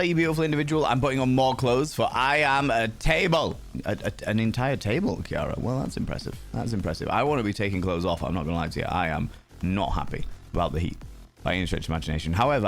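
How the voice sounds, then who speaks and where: A man hosting a livestream, chatting casually with viewers in a playful, cheeky way with some swearing. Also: lowish voice. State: sleepy. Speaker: livestream host.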